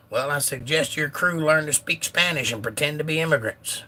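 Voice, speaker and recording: A man with a slightly hoarse, bright voice hosts a relaxed live stream from home. He reads chat comments aloud and answers them in an easygoing, chatty way. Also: a little high, brisk. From United States. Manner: laid-back, reads viewer comments aloud. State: a little hoarse. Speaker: livestream host reading chat.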